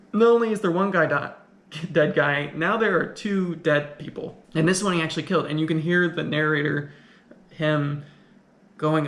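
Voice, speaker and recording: A man's voice: on the high side, fairly quick, creaky, a bit bright. A man giving a casual film review, thinking aloud and questioning the plot as he goes. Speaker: film commentator. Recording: echoey room.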